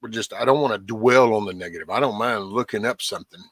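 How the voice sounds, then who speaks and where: A man's voice: lowish voice, fast talker, a bit bright, dry recording, clean studio sound. A man hosting a casual livestream, rambling bluntly with lots of cussing and a preachy edge. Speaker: livestream host.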